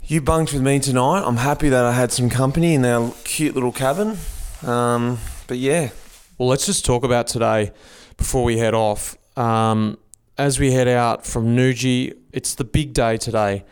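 A man's voice: mid-range voice, normal speed, clean tone, no echo. A man hosting a cycling podcast outdoors, chatting upbeat with fellow riders along the route. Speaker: podcast host. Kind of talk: casual chat while cycling.

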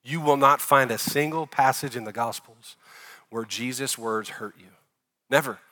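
A man in his forties preaching a sermon as pastor, talking to the congregation in a conversational way, swinging from loud emphatic lines to soft, quiet ones. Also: mid-range voice, normal speed.

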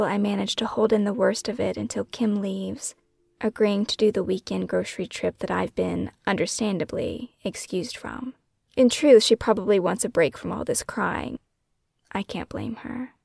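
A woman author reading her own memoir as scripted first-person narration, hushed and often falling into a breathy whisper. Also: medium pitch, steady tone, moderate pace, no room sound, clean studio sound. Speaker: author and podcast host.

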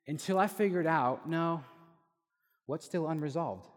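A young man preaching a sermon, telling a personal story and lively when he quotes others. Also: a little high, a little slow, long pauses. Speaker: pastor. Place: church hall. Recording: echoey hall with long reverb.

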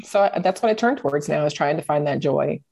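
A woman's voice: low voice, brisk, gravelly, darkish tone. A middle-aged woman talking as a podcast guest, candid and reflective, often searching for her words. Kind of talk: personal storytelling in conversation.

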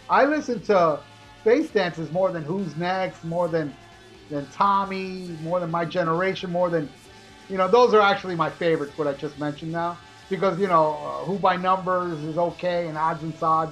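A man's voice: high-pitched, a bit bright, rough recording. A man hosting a casual music review podcast, rambling and joking with plenty of swearing. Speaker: podcast host.

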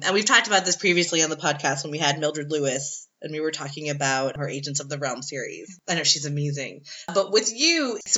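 A woman's voice: low voice, bright, forceful tone, highs cut off. A woman hosting a podcast interview, chatting casually, laughing often and saying "like" a lot. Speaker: podcast host.

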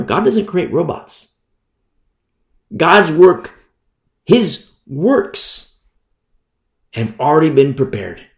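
A male preacher delivers a sermon in a loose, conversational style, often restarting phrases and dwelling on single words. His delivery rises and falls with lively shifts in pitch. The sound carries a roomy echo. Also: creaky.

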